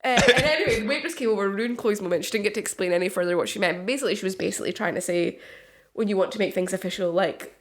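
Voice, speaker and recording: A woman's voice: medium pitch, racing. A young woman, co-hosting a casual podcast chat and telling stories with acted-out quotes. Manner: chatty storyteller, acts out quotes, laughs often. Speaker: podcast co-host.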